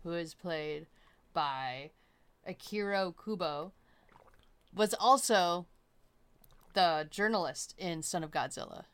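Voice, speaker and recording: A woman's voice: fairly low pitch, slow, long pauses, clean tone. Wry woman sharing film trivia. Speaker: podcast co-host. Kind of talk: casual movie discussion.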